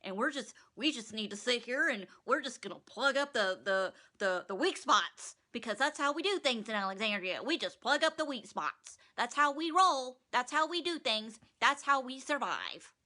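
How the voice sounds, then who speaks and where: Lady doing a cocky loudmouth guy, rambly, kinda high. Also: expressive, normal speed, hardly any pauses. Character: blustering man, full of big talk.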